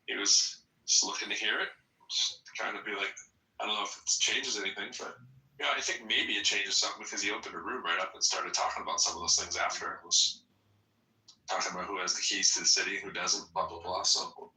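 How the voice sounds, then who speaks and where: Male host, casual live-stream talk, bright tone, loose joking delivery. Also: low voice, fairly even intonation, brisk, reverberant, far from the mic, low-quality recording. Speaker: live audio room host.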